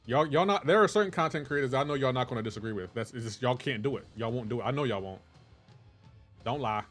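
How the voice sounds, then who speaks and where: A male game streamer bantering with his chat in a loose, teasing way, feigning offense for laughs. His voice sits at a middling pitch, and faint music plays softly behind him. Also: expressive, fast talker. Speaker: livestream gamer. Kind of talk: casual chat with live chat viewers.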